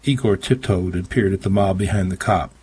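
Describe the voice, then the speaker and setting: A man's voice: sits low, fairly quick, darkish tone, a little hiss or hum. A man reading a story aloud in a dry, wry first-person narration. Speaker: audiobook narrator. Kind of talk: scripted narration.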